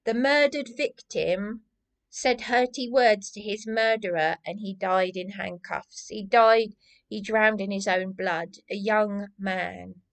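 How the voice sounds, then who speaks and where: Slow-talking agitated woman. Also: medium pitch, fairly even intonation. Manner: agitated, repetitive, restarts often. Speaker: vlogger. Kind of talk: rambling personal monologue.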